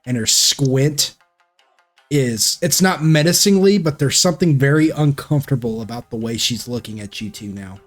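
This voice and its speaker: A man's voice: mid-range voice, moderate pace. A man narrating as game master of a tabletop game, hesitant and full of fillers, voicing characters in quotes. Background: background music.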